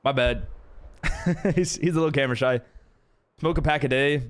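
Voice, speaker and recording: A man's voice: on the high side, moderate pace. A man streaming a game live, chatting casually with viewers and friends and reading chat aloud, laughing often.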